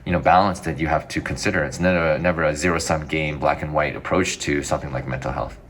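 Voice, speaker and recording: A man with a deep but forceful, bright voice talks quickly in a relaxed interview. His answers tumble out and circle back as he corrects himself. Faint ambience sits behind him. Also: a little hiss or hum. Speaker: physician guest. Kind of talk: casual interview.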